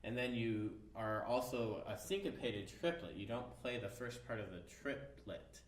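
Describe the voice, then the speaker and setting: Heard from far away in a roomy space, with a violin playing in the background, a medium-pitched man talks at normal speed. He's giving a music lesson on an orchestra violin part, breaking down the rhythms and counting beats out loud.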